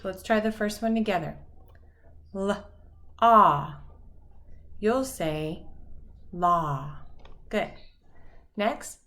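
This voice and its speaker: Very slow, carefully enunciating woman teacher. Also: mid-range voice. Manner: slow, clearly enunciated words with pauses; encouraging, praising. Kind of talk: phonics lesson for young children.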